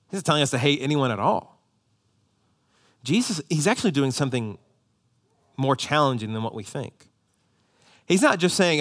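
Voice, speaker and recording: A man preaching a sermon to a congregation, animated, with rising emphasis and joking asides. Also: mid-range voice, moderate pace. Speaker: pastor. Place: church hall before a congregation.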